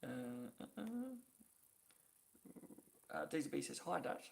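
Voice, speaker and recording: Gravelly-voiced man chatting on stream. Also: fairly high pitch, big pitch swings, slow pace. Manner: chatty, reads viewer comments aloud, laughs often. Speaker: YouTube live-stream host. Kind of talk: casual live-stream chat. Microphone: phone.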